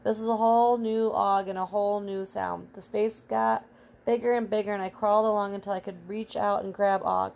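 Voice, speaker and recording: A woman's voice: mid-range voice, gravelly, slight background noise, close to an everyday voice. A woman voicing a plucky pet hamster. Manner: earnest, excitable first-person storytelling. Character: small brave pet hamster, male.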